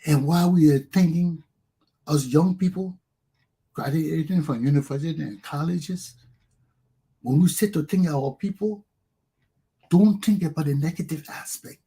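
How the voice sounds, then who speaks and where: Man, Liberian English accent, talk show host, impassioned, husky. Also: a little slow, pauses often. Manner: preachy and fiery, swings from low intensity to shouting. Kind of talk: impassioned monologue.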